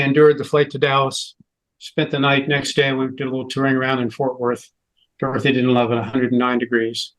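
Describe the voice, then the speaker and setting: Male club presenter, mid-pitched, eager, chatty slide talk with fillers. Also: low-quality recording. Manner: enthusiastic storyteller with frequent "uh" fillers.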